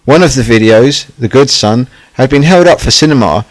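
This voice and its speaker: A man reads a scripted documentary narration at a middling pitch. His delivery is sardonic and he drops catty asides. The recording is dry and close, with no room sound. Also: expressive, normal speed, no room sound, rough recording.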